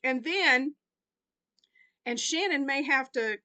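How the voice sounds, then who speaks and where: A middle-aged woman talks casually through a gift unboxing, unhurried and chatty. Her voice sits high and bright, and she keeps dissolving into helpless laughter. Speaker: crochet vlogger.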